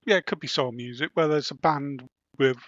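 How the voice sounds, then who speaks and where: A man of middling pitch talks about books in a measured, wry way. His voice comes through a dull, lo-fi line, dry with no room sound. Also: fairly bright tone, dry recording. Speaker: book club member. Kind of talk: casual book discussion.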